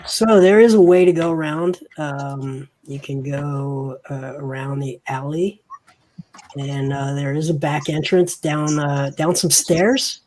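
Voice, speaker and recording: A game master narrating a tabletop game, slow and searching for words with many fillers. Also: mid-range voice, steady tone, darkish tone, slight background noise.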